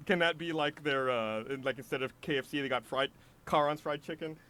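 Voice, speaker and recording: A man's voice: mid-range voice, brisk, bright, forceful tone. A man voice actor stumbling over a line and laughing at his own mistakes. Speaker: voice actor in outtakes.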